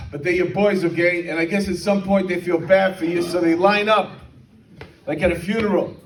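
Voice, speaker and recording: A man's voice: high voice, steady tone, brisk, a little hiss or hum. A man in his fifties doing a brash, streetwise stand-up comedy set, peppering his lines with "man". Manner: brash, streetwise, lots of "man" and shouted impressions. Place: comedy venue with live audience. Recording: echoey room, mic heard from far, crowd laughter.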